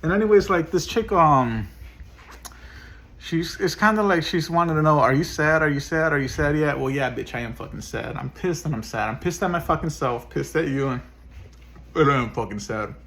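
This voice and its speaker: A man's voice: on the high side, lively intonation, normal speed, creaky, a bit bright. A man venting in a personal vlog as a single dad, swearing often and sounding frustrated. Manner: profane, frustrated ranting.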